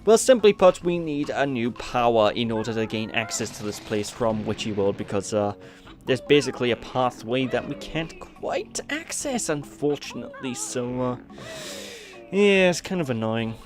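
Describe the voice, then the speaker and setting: A man's voice: medium pitch, expressive, normal speed. A man with a Welsh accent casually commenting on a video game he plays, rambling and chatty with plenty of fillers. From Wales. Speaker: let's play host. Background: faint game music.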